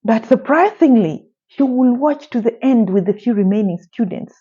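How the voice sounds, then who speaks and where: A woman's voice: on the high side, lively intonation, normal speed, warm tone, breathy edge, dull audio. A woman telling a true story in a casual storytime style, emphatic and indignant, with rhetorical questions.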